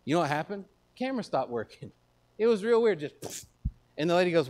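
A man's voice: sits high, lively intonation, quick pace, darkish tone. Man, Texan accent, pastor, sermon, folksy, emphatic. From Texas. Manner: folksy and conversational, swelling to emphatic on key phrases.

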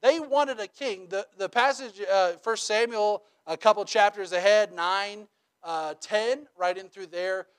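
High-voiced chatty preaching man. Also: unhurried, clear, resonant tone. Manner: conversational, checks in with rhetorical questions; animated storytelling with humor. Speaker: pastor. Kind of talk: sermon.

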